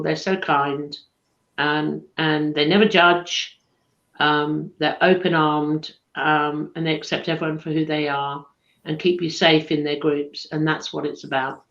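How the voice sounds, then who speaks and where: Woman co-host, fairly low voice, teasing and chatty; echoey room, dull stream sound. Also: a bit bright. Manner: chatty, teasing, laughs often. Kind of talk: casual live-stream chat.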